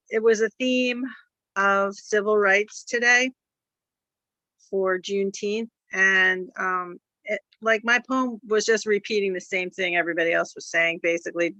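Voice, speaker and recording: A sleepy woman poet reading haiku at an online open mic, talking slowly and tiredly with soft laughs. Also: medium pitch, no room sound, muffled recording.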